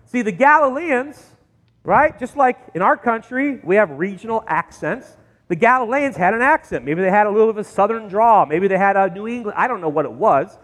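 A middle-aged man preaching a sermon in a church, telling the story with lively, acted-out quotes. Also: high voice, normal speed, long reverb tail. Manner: animated storytelling, acting out quoted voices. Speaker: pastor. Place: church sanctuary.

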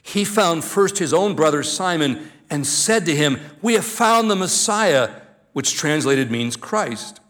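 A man's voice: fairly high pitch, animated, a bit bright. Older male pastor preaching. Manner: reads scripture then preaches with deliberate slowed emphasis. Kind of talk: sermon.

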